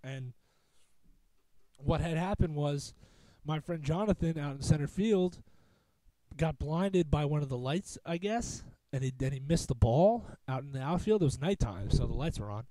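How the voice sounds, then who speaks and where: A man's voice: a little high, animated, moderate pace, dark tone, dry recording. A young man hosting a podcast, telling a long rambling story in a casual, profane, self-mocking way. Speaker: podcast host.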